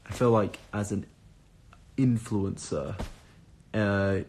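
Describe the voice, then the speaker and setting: A man's voice: lowish voice, fairly even intonation, takes it slowly, a little mellow. A tired young man chatting casually on a live stream, reading out viewer comments and answering them in a rambling way with casual swearing. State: tired and up at odd hours.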